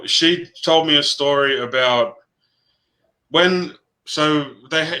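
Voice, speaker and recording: Man, mid-pitched, bright and forceful; earnest, halting personal storyteller. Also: low-quality recording. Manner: earnest, halting, with frequent restarts. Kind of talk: personal storytelling in casual chat.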